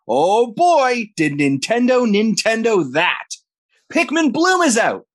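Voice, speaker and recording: A Canadian man co-hosting a podcast in casual banter, given to animated mock-outraged rants. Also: very high voice, takes it slowly. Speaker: podcast co-host.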